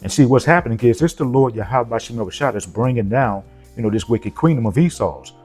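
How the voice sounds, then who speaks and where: A man in a mid-range voice preaches informally, reading scripture and circling back to the same points. He keeps checking in with his listeners with "okay?" and "you know", and soft music plays underneath him. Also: mid-range voice, lively intonation, a little fast, slightly rough. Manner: repetitive, punctuated with frequent "okay?" and "you know".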